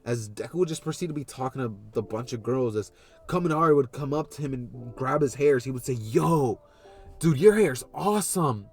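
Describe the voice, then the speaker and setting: A man's voice: mid-range voice, fast, faint music behind. A man casually narrating a fan story, rambling with many fillers and loose links.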